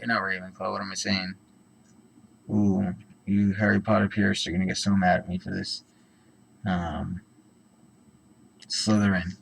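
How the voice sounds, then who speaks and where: A man's voice: lowish voice, poor audio. A man talking casually through cards one by one, rambling with lots of ums and self-corrections. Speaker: card-opening channel host. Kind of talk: casual card-by-card commentary.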